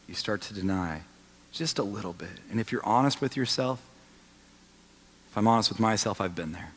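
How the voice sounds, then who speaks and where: A man in his thirties preaching a sermon as a pastor, telling the story and swinging from loud to hushed. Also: lowish voice, fairly quick, husky. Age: 30s. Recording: long reverb of a large hall.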